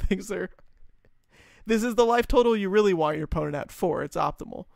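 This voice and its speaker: A man's voice: high voice, lively intonation, moderate pace, vocal fry, darkish tone, no echo, studio quality. A young man from the United States streaming a card game, chatting casually with his chat, joking and laughing often. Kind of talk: casual live-stream gameplay commentary.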